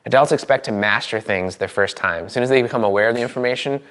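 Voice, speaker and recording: Guy running a live seminar, chatty and animated, acts out different tones, restarts a lot, middle pitch. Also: fast talker, slight background noise. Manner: animated, demonstrates tones and voices, many restarts. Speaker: NLP seminar trainer. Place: seminar room with a live audience.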